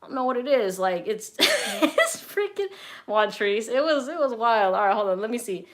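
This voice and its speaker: A woman's voice: fairly high pitch, a little fast. A young woman from Southern California answering viewer questions in a casual live stream, chatty and blunt, swearing freely. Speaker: fragrance reviewer and streamer.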